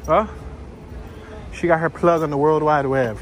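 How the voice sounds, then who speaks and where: A man's voice: fairly high pitch, steady tone, unhurried, pauses often, soft background music. Chatty Philly man on a street walk. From North Philadelphia. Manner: chatty, joking, drifts between topics. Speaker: walking tour vlogger. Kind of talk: casual chat while walking. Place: outdoors on a city street.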